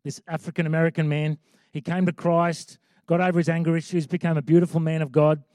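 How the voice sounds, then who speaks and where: A man's voice: fairly high pitch, little pitch movement, quick pace, a little mellow, no echo, studio quality. A man preaching a sermon as pastor, conversational with emphatic repeated lines.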